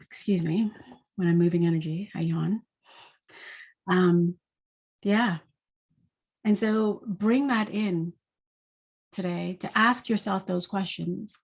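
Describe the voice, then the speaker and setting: A woman's voice: on the low side, takes it slowly, creaky, pauses often, husky. A woman giving a spiritual daily energy forecast in a reflective, unscripted way. She asks many rhetorical questions and often says "like".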